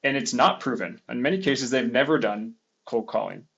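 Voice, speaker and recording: A man's voice: mid-range voice, normal speed, gravelly, fairly bright tone, breathy edge. A man host in a casual podcast chat, thinking aloud with restarts and qualifiers, on slightly dull lo-fi audio.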